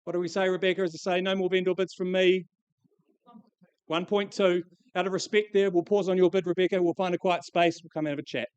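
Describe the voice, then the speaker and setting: A man with a New Zealand accent calling bids at a live property auction in brisk, formulaic calls. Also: high voice, level tone, darkish tone, clear, resonant tone, dull audio.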